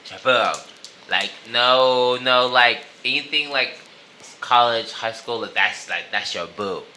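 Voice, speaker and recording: A man speaking in a very bright, forceful voice, animated and theatrical, dropping "boom" sound effects into his stories. A faint hum of ambient noise sits under the indoor podcast recording. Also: measured pace. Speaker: podcast guest; teacher. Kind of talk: casual chat.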